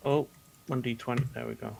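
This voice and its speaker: Gravelly-voiced male player. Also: mid-range voice, bright, forceful tone. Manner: describes his character's actions. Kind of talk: casual tabletop game talk.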